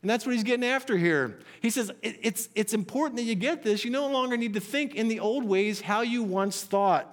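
A man's voice: high voice, brisk, few pauses. A man preaching a sermon from scripture, earnest and emphatic, often repeating phrases. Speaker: pastor.

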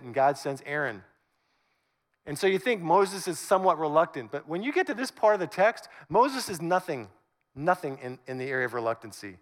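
A high-pitched man preaching to his congregation with animated, conversational energy. He swings between loud emphasis and hushed asides as he acts out the text. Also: fairly quick. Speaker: pastor. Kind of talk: sermon.

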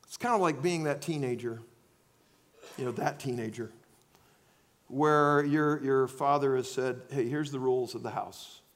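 A man preaching a sermon, swinging between loud acted-out outbursts and quiet, earnest asides. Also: medium pitch. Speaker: pastor.

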